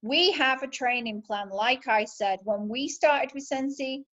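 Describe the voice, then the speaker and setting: A woman's voice: high-pitched, unhurried, a bit bright. Upbeat British woman, slightly muffled sound. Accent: British English. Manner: enthusiastic and chatty. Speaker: direct sales team leader. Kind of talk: motivational business talk.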